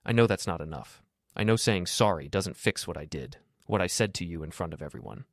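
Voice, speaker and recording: A remorseful father in his sixties, as a male narrator puts him on, apologetic and pleading, his voice deep and low. The reading is dry and close, with no room around it. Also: fairly quick, dry recording. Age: 60s.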